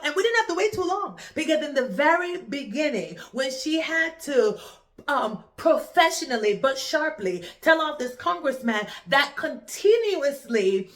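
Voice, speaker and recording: A Jamaican woman talks through a film she just watched, her voice high and bright. She is chatty and animated, often repeating words for emphasis as she reviews it. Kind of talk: casual spoken film review.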